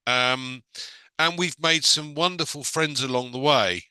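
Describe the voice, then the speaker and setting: Bright, smooth-voiced man giving testimony. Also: mid-range voice, no room sound, low-quality recording. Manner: sincere, measured, with fillers. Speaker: participant in an online group call. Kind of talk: personal testimony.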